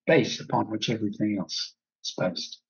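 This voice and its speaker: A man teaching a breathwork class, calmly guiding the breath and repeating key phrases. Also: on the low side, moderate pace, highs cut off.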